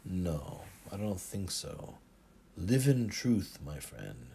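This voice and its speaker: A calm, earnest driver, played by a man in an audiobook, polite and careful with every word. He speaks slowly, with a gravelly tone. A faint hiss sits under the voice. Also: low voice, exaggerated voice. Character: calm, earnest male driver born in Cameroon.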